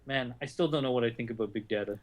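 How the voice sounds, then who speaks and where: A man co-hosting a casual comedy podcast, animated and cursing freely as he rants and mocks with put-on voices. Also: medium pitch, fast. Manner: animated, swears freely, puts on mocking voices. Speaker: podcast co-host. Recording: livestream call audio.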